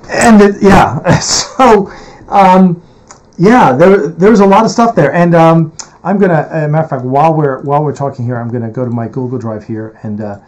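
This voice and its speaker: A man who hosts and produces a casual interview rambles and thinks out loud while dealing with things on his computer. His voice is medium in pitch with a somewhat dark tone.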